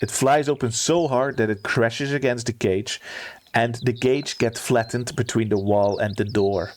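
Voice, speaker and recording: A man's voice: medium pitch, steady tone, unhurried. Man narrating a tabletop game. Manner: casual, dramatic storytelling. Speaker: game master.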